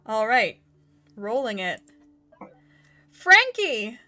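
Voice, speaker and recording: Brief: a giggly, rambling woman as stream host and game master, mid-pitched. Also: normal speed, a bit bright, soft background music. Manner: giggly, rambling, self-mocking. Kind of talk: casual live-stream chat and game narration.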